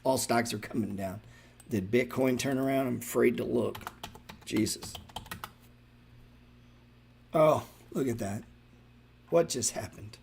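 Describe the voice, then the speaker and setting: A man's voice: mid-range voice, slow pace, vocal fry, long pauses, slight background noise. A man hosting a stock trading show, giving loose, profane live market commentary and talking straight to his viewers. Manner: excitable, profane, talks to viewers directly.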